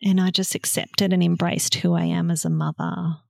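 A woman guest on a podcast, speaking in a soft, slow, heartfelt way with long pauses. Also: fairly low pitch, very animated, vocal fry, no echo, studio quality. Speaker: guest, motherhood facilitator. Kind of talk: slow reflective conversation.

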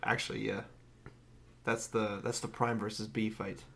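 A man's voice: lowish voice, little pitch movement, normal speed, creaky, fairly bright tone. Dry, sighing young man. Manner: dry, sighing, sarcastic asides. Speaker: podcast co-host. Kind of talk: casual movie chat.

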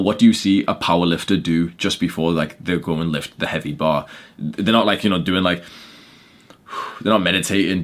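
A young man hosting a podcast, giving blunt motivational talk full of swearing and fillers, often getting loud. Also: low voice. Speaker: podcast host.

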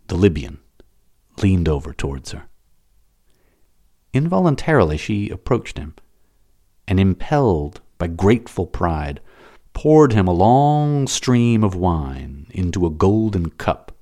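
A man reading a novel aloud as an audiobook narrator, dramatic and expressive. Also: deep voice.

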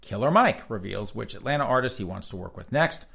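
A man's voice: lowish voice, fairly quick, gravelly, breathy edge. A man hosting a talk show, reading news articles aloud and breaking off into sarcastic, mocking asides. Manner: sarcastic, mocking asides between read-outs; reads articles aloud in a flat news cadence. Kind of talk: casual commentary reading headlines aloud.

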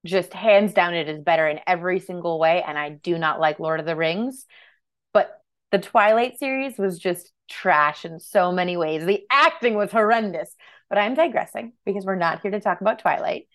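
A woman's voice: lowish voice, moderate pace. A woman co-hosting a film podcast in casual chat, playful, teasing and opinionated. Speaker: podcast co-host.

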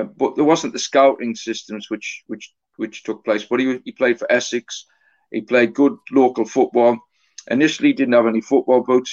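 A man in his forties, an author talking as a guest in an interview, telling a story in a halting way that often repeats words and restarts. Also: medium pitch, a little mellow. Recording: dull lo-fi recording.

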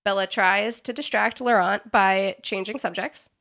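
A woman's voice: mid-range voice, steady tone, measured pace, creaky, fairly bright tone. A woman podcast host giving a giggly, sarcastic recap of a book chapter in casual chat.

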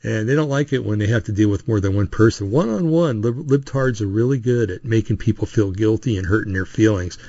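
A podcast host delivers a casual, opinionated monologue that rambles, full of frequent asides and restarts. His voice is lowish and a little mellow, with no echo, captured in a dull, dry lo-fi recording.

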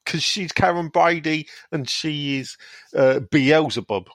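A man's voice: fairly high pitch, slow, fairly bright tone, dry recording, studio quality. A man hosting a casual podcast, reading listener messages aloud in a jokey, irreverent way. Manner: jokey, irreverent, chuckles between lines.

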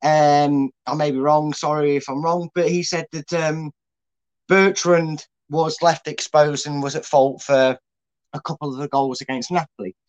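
A man's voice: a little high, little pitch movement, normal speed, low-quality recording. Chatty man explaining football tactics. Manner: chatty, lots of fillers and restarts while explaining. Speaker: co-host, tactics analyst. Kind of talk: casual football tactics breakdown.

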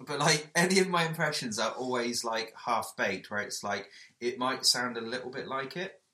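A man co-hosting a podcast in casual chat, sweary and self-mocking, with quick asides. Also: mid-range voice, sharp tone. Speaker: podcast co-host. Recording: roomy echo.

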